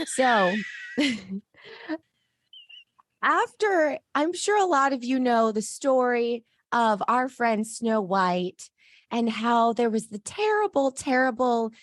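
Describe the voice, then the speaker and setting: A woman's voice: on the high side, no echo, clean studio sound. A woman voicing Gruntled, a cheerful new dwarf, in an upbeat put-on happy voice.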